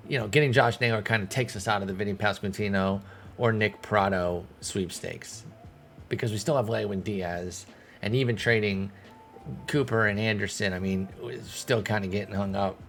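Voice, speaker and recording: A low, gravelly-voiced man talks to himself in a loose, rambling way as he plays a sports management game. He chats casually to the players and to his viewers, with soft music playing underneath. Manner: thinking aloud, talking to himself and the players. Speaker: gaming streamer. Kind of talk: casual let's-play commentary.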